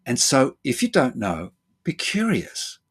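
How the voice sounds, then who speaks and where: A man talking through his ideas as a therapist in an easy conversational way. He thinks out loud with fillers and restarts, and slips into other people's voices with sudden pitch jumps. His pitch sits in the middle range for a man. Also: huge pitch swings, unhurried, slightly rough. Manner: thinks aloud with fillers and repeated words. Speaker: therapist and guest. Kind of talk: conversational explanation.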